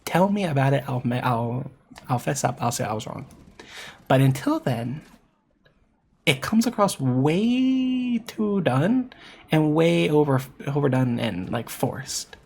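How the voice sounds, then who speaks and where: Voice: medium pitch, expressive, takes it slowly, vocal fry, darkish tone, slightly rough. A VTuber commentator giving an opinionated monologue critique of a game. The speaker stresses points by repeating them and often corrects themselves mid-sentence with filler words.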